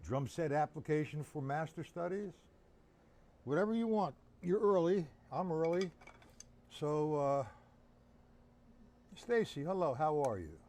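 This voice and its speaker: A man's voice: on the high side, a little slow, long pauses. A tired man giving a live-streamed drum lesson, chatting loosely and greeting viewers by name. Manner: relaxed, chatty, talks to chat viewers by name. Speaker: drum teacher.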